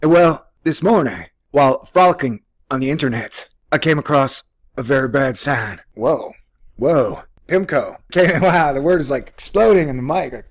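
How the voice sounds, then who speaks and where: A man's voice: mid-range voice, moderate pace. Rambling, jokey male commentary host. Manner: rambling, jokey and sarcastic, with frequent asides. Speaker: host of an economics commentary channel. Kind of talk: casual commentary on a news article.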